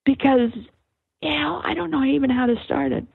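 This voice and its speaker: An older woman, a guest author on an interview, explaining things in a slow, searching way with many fillers and restarts over a phone line. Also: high-pitched, vocal fry, no room sound. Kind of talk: reflective conversational explanation. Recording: tinny phone-line sound.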